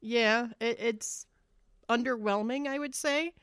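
A woman's voice: on the high side, takes it slowly, fairly bright tone, clean tone, dry recording. A woman co-hosting a casual review podcast, giving blunt opinions with dry, shrugging asides. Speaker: podcast co-host. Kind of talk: casual chat.

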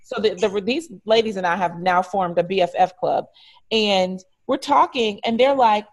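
Woman from detroit telling a story in an interview, acts out all the voices, animated, mid pitch. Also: moderate pace. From Detroit, United States. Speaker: franchise regional director, interview guest. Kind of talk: conversational storytelling.

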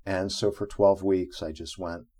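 A man's voice: low voice, a little slow. A middle-aged man, an interview guest, telling a personal story in conversation and acting out the quotes in it. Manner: animated, acts out quotes from his own story.

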